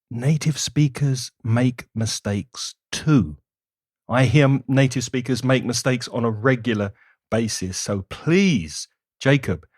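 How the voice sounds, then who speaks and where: A man's voice: medium pitch, no echo, studio quality. A British man, an English teacher and podcaster, giving encouraging advice in a recorded segment. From Britain.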